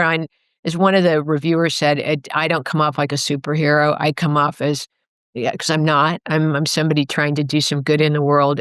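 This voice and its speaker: A middle-aged woman, a guest author, speaks earnestly and reflectively in an interview, rambling a little and correcting herself along the way. Her voice is low. Though she is on a remote call microphone, the sound is studio quality with no echo.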